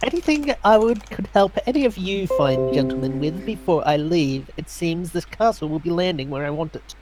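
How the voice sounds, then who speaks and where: A man's voice: on the high side, lively intonation, normal speed, music in the background, close to an everyday voice. A man playing a smug, polite schemer. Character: smug scheming adventurer steering a castle.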